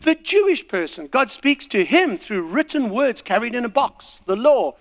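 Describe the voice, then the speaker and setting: Man preaching, lively swooping pitch, long hall reverb. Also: moderate pace. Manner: animated, acts out little scenes and voices. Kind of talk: sermon.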